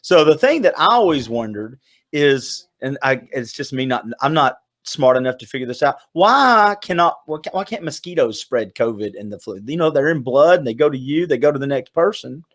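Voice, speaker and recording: A man's voice: medium pitch, expressive, fairly quick. A man from Southeast Tennessee co-hosting a casual livestream chat over a video call, joking and rambling as he leads the talk. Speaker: podcast co-host. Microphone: home video call setup.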